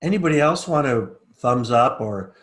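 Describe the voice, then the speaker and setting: A middle-aged man teaching a live online class, chatting casually and then talking the group slowly through a relaxation exercise. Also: medium pitch. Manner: relaxed, coaxing, speaks slowly and softly when guiding. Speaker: teacher leading a group session.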